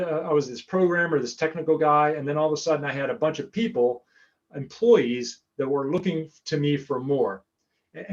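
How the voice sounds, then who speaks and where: American man talking on a muffled call. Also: on the high side. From United States. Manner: eager, repeats words when starting sentences. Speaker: guest speaker. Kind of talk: webinar presentation. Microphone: remote call.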